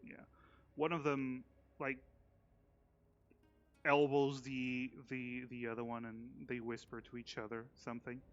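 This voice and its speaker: A man's voice: mid-range voice, level tone, measured pace, pauses often, fairly bright tone, soft background music. Man game master, muffled lo-fi audio. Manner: describes scenes, then chats and jokes with players and chat. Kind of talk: narrating a tabletop game on a live stream.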